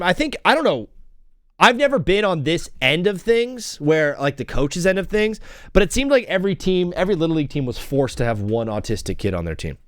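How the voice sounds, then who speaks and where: A man's voice: a little high, dry recording, studio quality. A young man hosting a casual solo talk show, rambling through stories and chanting old cheers in a sing-song. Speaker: podcast host.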